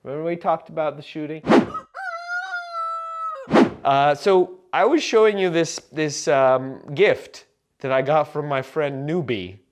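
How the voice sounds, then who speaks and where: A man vlogging to camera in a rambling, absurd comic monologue full of fillers and deadpan jokes. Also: a little high, a little slow, pauses often.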